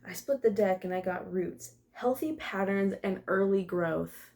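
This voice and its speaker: Young woman, gravelly voice, mellow tone, casual card reading, emotional, swears now and then. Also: medium pitch, a little slow. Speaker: tarot reader.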